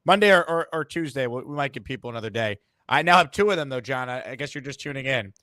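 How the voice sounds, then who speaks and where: A man's voice: mid-range voice, expressive, pushed and bright, no room sound, clean studio sound. Upbeat male call-in host. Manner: quick, upbeat, repeats words. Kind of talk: call-in sports show.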